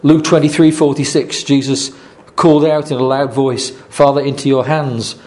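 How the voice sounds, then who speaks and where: Casting: male preacher, earnest sermon delivery, warm mellow tone, halting restarts. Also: mid-range voice, level tone. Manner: earnest, repeating phrases, many restarts.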